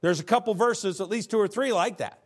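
A man's voice: high-pitched, brisk, breathy edge. A middle-aged male pastor preaching a sermon to a congregation in a conversational, folksy way, full of rhetorical questions. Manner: defines terms one by one in a plain, folksy way. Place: church service before a congregation.

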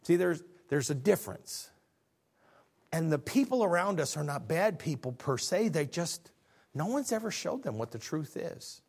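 Pastor, male, 50s, animated sermon delivery with rhetorical questions. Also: fairly high pitch, moderate pace, gravelly, slightly rough. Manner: preaching with rhetorical questions and acted-out dialogue.

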